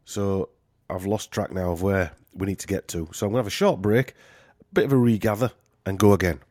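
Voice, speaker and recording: Rambling Yorkshire man, lowish dry voice. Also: brisk, darkish tone, no room sound. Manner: rambling, joking, many fillers. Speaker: podcast host. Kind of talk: casual podcast chat.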